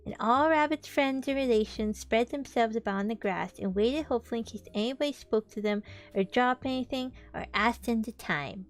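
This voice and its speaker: A woman's voice: on the high side, a little fast, hardly any pauses, faint music behind. A woman streamer reading a children's book aloud, in a casual tone with joking asides. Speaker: vtuber storybook reader.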